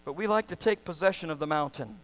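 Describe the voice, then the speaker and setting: A middle-aged man preaching a sermon as pastor, full of passion and swinging from loud to hushed. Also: on the high side, lively intonation, quick pace, poor audio.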